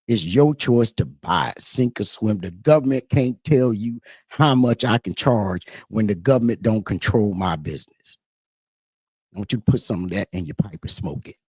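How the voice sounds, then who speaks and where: A man's voice: lowish voice, expressive, moderate pace, darkish tone, husky, no room sound, clean studio sound. A middle-aged man, talking casually and preachily to his listeners about everyday issues, asking them rhetorical questions. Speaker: trucker commentator. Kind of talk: casual monologue.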